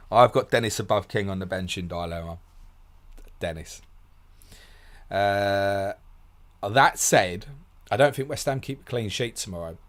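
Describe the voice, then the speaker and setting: A man hosting a fast live Q&A, blunt and casual, calling listeners mate, with a sore throat and short of sleep. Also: deep voice, fairly bright tone. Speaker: host answering viewer questions.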